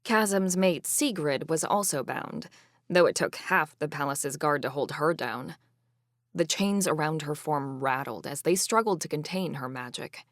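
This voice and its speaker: A woman narrating a fantasy audiobook in the first person, expressive and indignant. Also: sits low, no room sound, clean studio sound.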